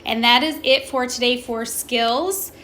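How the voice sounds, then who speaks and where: A woman teaching a recorded class, slowly modelling pronunciation and asking questions. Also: a little high, fairly bright tone, a little hiss or hum. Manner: slow, deliberate, stretches words to model pronunciation; asks questions and pauses for students. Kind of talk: recorded remote classroom lesson.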